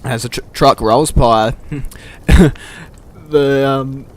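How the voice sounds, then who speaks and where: Brief: young guy, casual storyteller, laughs and curses a lot, mid-pitched voice. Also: drawn-out words. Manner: profane, laughing, animated quoting of friends. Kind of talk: casual anecdote telling.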